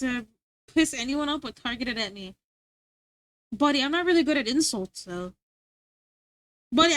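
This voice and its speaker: Woman streamer, high voice, playful rambling chat, stumbling restarts, dry close sound. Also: fairly bright tone, dry recording. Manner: rambling and playful, trips over words and restarts; high sing-song voice when scolding her dog. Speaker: livestreamer chatting with viewers.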